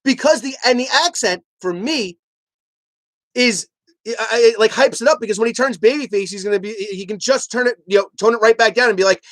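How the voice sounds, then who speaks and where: A live stream host giving heated commentary, arguing emphatically with chat and rising to near shouts. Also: medium pitch, a little fast, no room sound. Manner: animated ranting, emphatic and repetitive.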